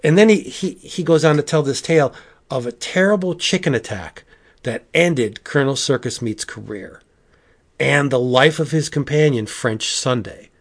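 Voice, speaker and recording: A man hosting a casual comic book review podcast, rambling and animated, with frequent asides and restarts. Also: mid-range voice, moderate pace. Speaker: podcast host.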